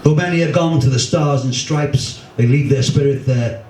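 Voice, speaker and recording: A man's voice: mid-range voice, normal speed, darkish tone. A man with a Liverpool accent performing his own rhyming comic poems for a live audience in a pub. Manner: rhythmic, rhyming delivery with wry humour. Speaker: poet and performer. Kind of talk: live comic poetry recital. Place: pub function room. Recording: echoey room, distant mic, faint hum.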